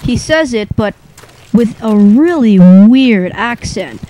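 A young man telling a rambling, improvised comic story in a deadpan way, pausing often. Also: high voice, slight background noise, rough recording. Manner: rambling, deadpan, with long pauses.

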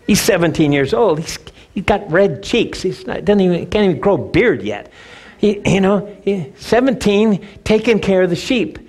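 A male pastor preaching a sermon, telling a story with animated, emphatic repeats. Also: high-pitched, normal speed.

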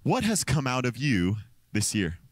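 Animated American man preaching a story. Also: medium pitch, a little slow, no room sound. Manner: animated storytelling, acts out quotes, laughs often. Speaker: pastor. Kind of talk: sermon with personal story. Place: church stage. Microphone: stage microphone.

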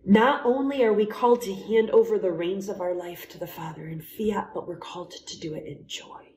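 A woman hosting a devotional talk, praying aloud in a soft, half-whispered way. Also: medium pitch, moderate pace. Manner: soft, prayerful, often breathy and half-whispered. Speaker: host leading prayer. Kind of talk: devotional talk with spoken prayer. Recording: roomy echo with faint background noise.

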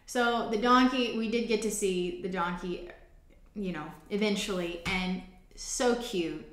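A woman hosting a faith ministry show tells a personal testimony story, earnest and conversational, often restarting her sentences. Her voice is mid-range, a little slow and a bit bright, with a roomy echo.

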